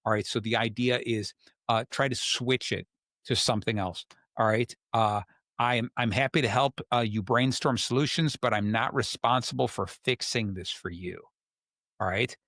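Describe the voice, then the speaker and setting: A man hosting a podcast, calmly explaining advice and telling a story in a relaxed, conversational way. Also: medium pitch, normal speed, dry recording, clean studio sound. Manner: calm, explanatory, tells stories. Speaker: podcast host. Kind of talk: casual coaching talk.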